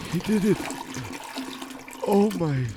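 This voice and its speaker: Slow-talking young man in a comedy skit. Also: sits high, background noise. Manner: excitable, exclaiming, laughing mid-line. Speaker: comedy sketch performer. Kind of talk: improvised comedy sketch.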